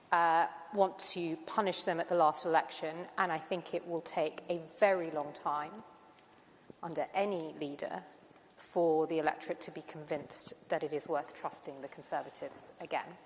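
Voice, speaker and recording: A woman answering as a panelist at a live discussion, brisk and assertive, making her points in a list. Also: fairly low pitch. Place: large conference hall. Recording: reverberant hall with faint room noise.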